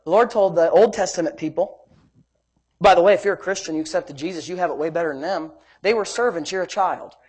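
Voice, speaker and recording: A woman preaching a sermon, swinging between loud emphasis and hushed asides, telling homey stories with laughter. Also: fairly low pitch, quick pace, breathy edge.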